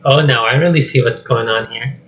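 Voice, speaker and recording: A man voicing a loud, jittery talking male donkey while reading a script aloud, with high excitable chatter. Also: moderate pace, lightly acted, rough recording. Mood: teasing. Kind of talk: solo script reading with voices.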